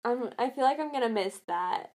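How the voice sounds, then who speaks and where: Brief: young woman, chatty and self-mocking, bright higher voice. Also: normal speed. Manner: rambling, animated, self-deprecating. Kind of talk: casual fan chat.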